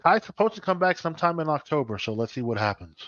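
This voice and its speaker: A man's voice: on the high side, sing-song, fast talker, a bit bright, no echo, muffled recording. A man co-hosting a casual live-stream chat, joking and teasing with an easy laugh. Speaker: co-host.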